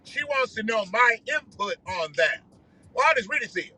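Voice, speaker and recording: A man's voice: extremely high pitch, expressive, normal speed, pushed and bright, poor audio. A man ranting profanely on a livestream while driving his car. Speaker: livestream host. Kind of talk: casual ranting monologue.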